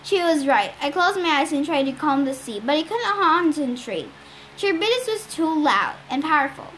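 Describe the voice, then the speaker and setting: A woman's voice: sits high, sing-song, normal speed, fairly bright tone, slight background noise, poor audio. A woman reading a novel aloud, with occasional stumbles and restarts. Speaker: reader.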